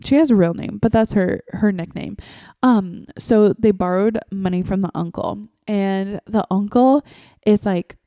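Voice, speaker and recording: A woman's voice: mid-range voice, measured pace, warm tone, dry recording, clean studio sound. A woman hosting her own podcast, chatting casually on her own from her favorite chair into a microphone, rambling along with constant "like" fillers. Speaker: podcast host. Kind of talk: casual solo podcast chat.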